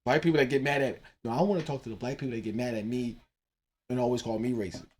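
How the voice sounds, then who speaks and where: A man's voice: medium pitch, fairly even intonation, quick pace, a little mellow, husky. A man in his thirties hosting his own podcast, rambling casually about his teenage son with loose, profane talk and laughing asides. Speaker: podcast host.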